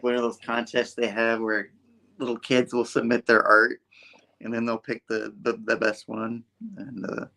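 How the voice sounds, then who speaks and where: A man's voice: medium pitch, bright, forceful tone. A man co-hosting a comic book show, casually retelling a story with lots of restarts and fillers. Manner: rambling, acts out characters' lines. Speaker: comic book podcast co-host.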